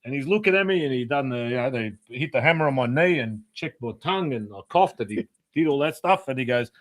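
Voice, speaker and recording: A man's voice: medium pitch, animated, fast talker. A man hosting a casual chat show, telling jokes and reading out viewer comments with a laugh. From Australia. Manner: jokey, laughs through his own stories. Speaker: show host.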